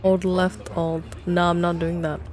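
A woman's voice: lowish voice, level tone, a little slow, a little mellow, faint music behind. A young woman streaming a horror game live, talking to her chat with jumpy remarks and plenty of swearing. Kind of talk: live gameplay commentary.

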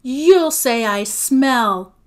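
A gruff, sullen teenage girl in a storybook reading snaps back short, blunt replies, voiced by a woman. Her tone is grumpy and pushy, spoken slowly and deliberately. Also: high-pitched, animated, voice pushed up, full character voice.

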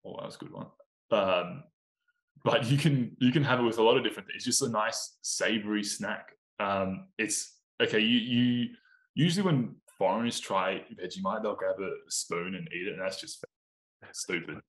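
A man's voice: lowish voice, normal speed, a bit bright, rough recording. A man from Australia with a mild Australian accent, chatting casually as a podcast guest, laid-back and swearing freely. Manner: laid-back, swears often, laughs easily. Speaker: guest, pro volleyball player.

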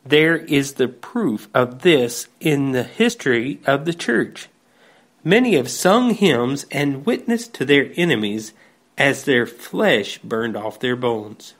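A man delivering a slow, measured devotional sermon, reading scripture aloud. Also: on the high side, sing-song. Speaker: preacher.

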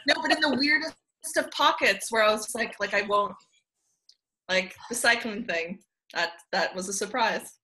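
Podcast guest, woman, bright tone, mid pitch, loose and rambly with lots of laughter. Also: normal speed, poor audio. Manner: giggly, rambling, self-interrupting. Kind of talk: casual chat.

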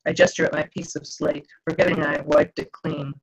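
A woman author reading her novel aloud in first person, with measured storytelling narration over a video call. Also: sits low, fairly even intonation, creaky, breathy edge. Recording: dull lo-fi video call audio.

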